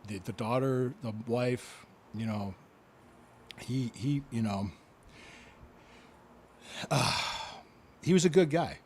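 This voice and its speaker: An animated man tells a story in a casual podcast chat, laughing and circling back over his words. His voice sits in the middle range, with faint noise behind him. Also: medium pitch, takes it slowly, long pauses. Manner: animated, laughing, repeats himself. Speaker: podcast host, former wrestler.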